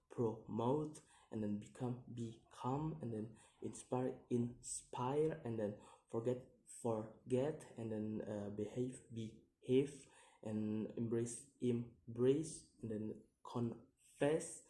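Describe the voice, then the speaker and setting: A man explaining a pronunciation lesson hesitantly, with many fillers, slowly repeating each example word. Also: fairly low pitch, dark tone. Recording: echoey room.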